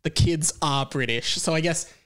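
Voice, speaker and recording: A man's voice: fairly high pitch, normal speed, a bit bright. A young man hosting a comedy podcast, chatty and giggly, often correcting himself mid-sentence. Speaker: podcast host. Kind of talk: casual comedic podcast banter.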